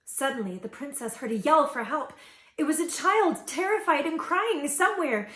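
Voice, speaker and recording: A woman reading an original fairy tale aloud to children, with gentle, expressive storytelling. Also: sits high, moderate pace. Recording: echoey room.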